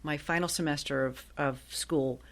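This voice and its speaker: Chatty woman in her 60s, kinda low voice, lively, laughs a lot telling stories. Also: normal speed. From Ohio. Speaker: guest, actress and voiceover artist. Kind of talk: casual interview storytelling.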